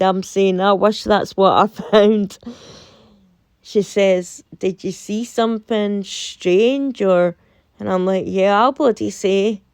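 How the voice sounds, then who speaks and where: Scottish woman, storytime narration, slow unhurried delivery, dry close sound. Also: medium pitch, no room sound. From Scotland. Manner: animated, quotes herself and her friend in dialogue.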